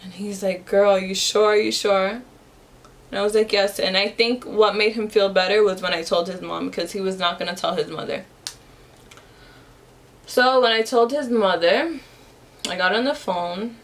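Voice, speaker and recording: A woman's voice: mid-range voice, normal speed. A young woman telling a personal story while she does her makeup, rambling casually with lots of fillers and restarts. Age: young adult. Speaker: vlogger. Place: at home, in front of a camera.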